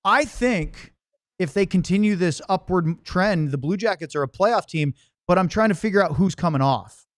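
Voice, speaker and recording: A man's voice: high voice, expressive, normal speed, dry recording, studio quality. A man hosting a sports podcast, thanking a guest and leading the talk in a friendly, upbeat way. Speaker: podcast host. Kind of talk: casual podcast chat.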